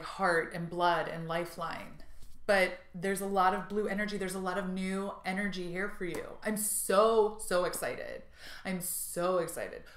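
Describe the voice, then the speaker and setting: A woman's voice: medium pitch, a bit bright. Bubbly woman reading cards in a roomy space. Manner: bubbly, gushing, laughs often, many fillers. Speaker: tarot and intuitive card reader. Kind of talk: channelled card reading to viewers. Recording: roomy echo.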